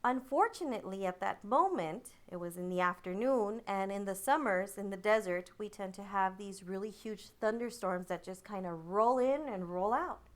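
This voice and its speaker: A woman telling a childhood story in a vivid, dramatic way, making thunder sounds with her voice and dropping to a hushed tone in the tense parts. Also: mid-range voice, moderate pace, few pauses. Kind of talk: personal storytelling.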